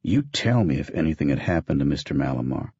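A man voicing a stern, weary small-town sheriff who questions in terse, measured lines. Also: extremely low pitch, animated, darkish tone, breathy edge, no echo, muffled recording, pitched below the performer's own voice, heavily acted.

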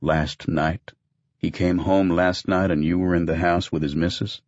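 A man voicing a stern, weary small-town sheriff who questions in terse, measured lines. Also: sits low, fairly even intonation, darkish tone, dry recording, highs cut off, close to an everyday voice.

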